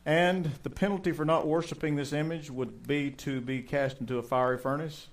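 A male pastor delivering a sermon, shifting between relaxed asides and fervent, emphatic passages. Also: mid-range voice. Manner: conversational preaching that swells into fervent emphasis.

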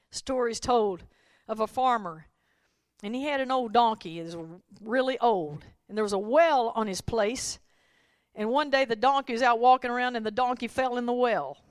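A woman preacher delivering a sermon who swings between folksy storytelling and shouted, rhythmic climaxes. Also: on the high side, no echo.

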